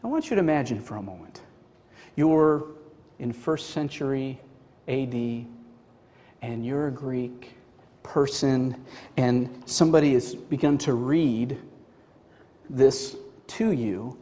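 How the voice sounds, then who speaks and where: A man's voice: mid-range voice, lively intonation, a little slow, long pauses, dark tone, in a large hall. A man preaching a sermon to a congregation, emphatic and conversational, full of casual fillers. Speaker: pastor. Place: church sanctuary.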